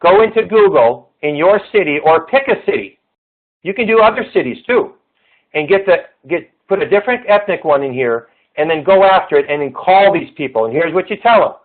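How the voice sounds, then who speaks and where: A man with a fairly high voice coaches viewers in network marketing, urging them over and over to think big and get going. He walks through a screen-share tutorial in a pep-talk style. The sound is thin and tinny, like it came over a phone line. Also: animated, brisk.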